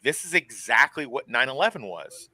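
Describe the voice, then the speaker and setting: A man's voice: mid-range voice, big pitch swings, normal speed, bright, forceful tone. A man co-hosting a casual movie-watching podcast, blunt and teasing. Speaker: podcast co-host.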